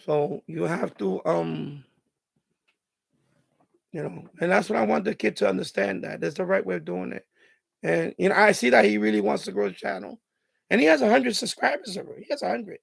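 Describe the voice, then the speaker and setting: A man hosting a live stream in casual chat, his voice raspy and hoarse from hours of talking, giving rambling advice full of "you know" and restarts. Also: high-pitched, moderate pace, dry recording, studio quality.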